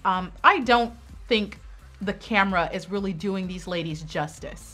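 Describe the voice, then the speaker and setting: A woman hosting her own reaction video, giving animated, sassy running commentary with bursts of excited exclamation. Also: medium pitch, measured pace, soft background music. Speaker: pageant reaction video host.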